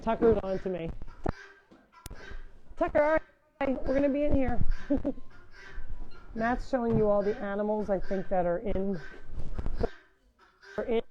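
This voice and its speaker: A woman's voice: medium pitch, a little slow, pauses often. A woman hosting a live farm sanctuary stream, chatting casually while she coaxes animals and explains barn chores. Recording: muffled lo-fi audio with faint noise.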